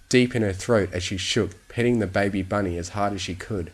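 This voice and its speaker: A man reading fan fiction aloud as a calm, steady sleep story. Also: on the low side, fairly quick, hardly any pauses.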